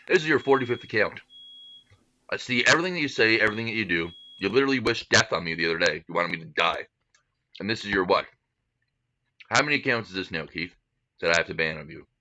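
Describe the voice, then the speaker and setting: A man's voice: deep voice, bright, forceful tone, dry recording, highs cut off. A man on a livestream, angrily ranting and swearing at a viewer in his chat. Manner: angry, profane, repetitive ranting.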